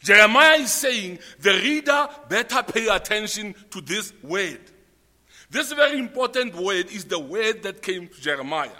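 South African man preaching, high lively voice, bright tone, echoing hall. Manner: emphatic, repeats points for note-takers. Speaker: pastor. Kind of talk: sermon.

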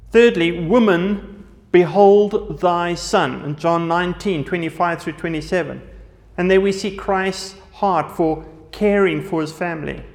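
High-voiced preacher in a reverberant hall. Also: male voice. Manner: reads scripture aloud, then explains it with verse references. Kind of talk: sermon with scripture reading.

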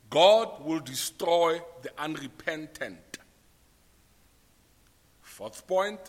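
A man's voice: on the high side, fairly bright tone, big-room sound. A man with a South African accent preaching a sermon, spelling out his points and repeating them for note-takers. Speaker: pastor.

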